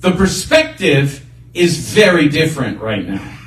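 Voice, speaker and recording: A man's voice: fairly high pitch, very animated, a little slow, fairly bright tone, slight background noise. A man preaching a sermon as a pastor, earnest and emphatic, repeating his key points. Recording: echoey room picked up from a distance.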